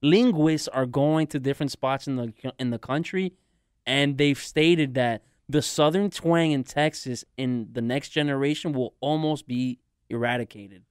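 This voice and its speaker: A man co-hosting a casual sports talk show, chatty and quick to laugh. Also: mid-range voice, smooth, no echo, studio quality. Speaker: podcast co-host.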